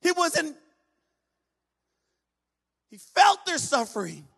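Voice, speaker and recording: A pastor preaching a sermon, reading scripture aloud and urging the congregation to respond. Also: male voice, very high-pitched, big pitch swings, takes it slowly, creaky, bright, forceful tone.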